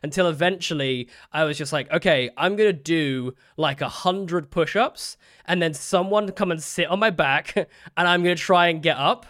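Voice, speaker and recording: A man's voice: fairly high pitch, moderate pace, few pauses, a bit bright. A man co-hosting a podcast in casual chat, rambling with many fillers and easy laughter. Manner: chatty, lots of fillers, laughs easily. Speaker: podcast co-host.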